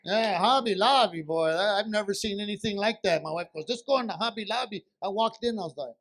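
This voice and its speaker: A man's high voice comes through a little fast, with slight background noise, during his stand-up set at a benefit show. Animated and story-driven, he plays both roles in an exchange with his wife.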